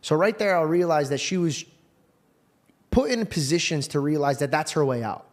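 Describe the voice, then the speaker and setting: A man's voice: fairly high pitch, normal speed. A man hosting an interview, telling heartfelt stories in casual talk with frequent swearing. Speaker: podcast host.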